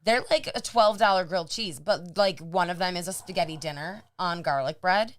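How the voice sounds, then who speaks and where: Teasing woman with a lowish voice. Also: normal speed. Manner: playful, teasing, laughs often. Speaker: podcast co-host. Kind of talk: casual chat.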